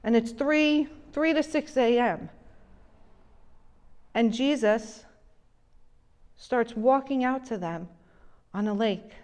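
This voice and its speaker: Woman preacher, slightly high voice, unhurried gentle sermon delivery, softens to near-whispers on quotes. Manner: slow, gentle delivery, drops soft and low when quoting.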